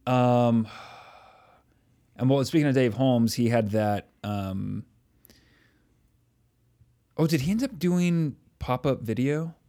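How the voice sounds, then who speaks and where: A man's voice: medium pitch, expressive, slow, long pauses, dark tone. A man co-hosting a casual podcast, rambling, swearing often and trailing off while hunting for names. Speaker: podcast co-host. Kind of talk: casual chat.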